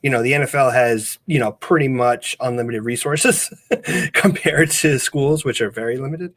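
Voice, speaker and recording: A man's voice: medium pitch, moderate pace, a bit bright, no room sound. A man co-hosting a podcast in casual chat, rambling along with lots of fillers and restarts. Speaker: podcast co-host.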